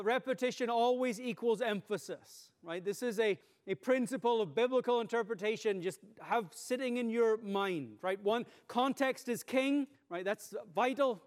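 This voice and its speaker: Male pastor, high voice, earnest teaching sermon, long hall reverb. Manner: earnest teaching with frequent "right?" checks. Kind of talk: expository sermon.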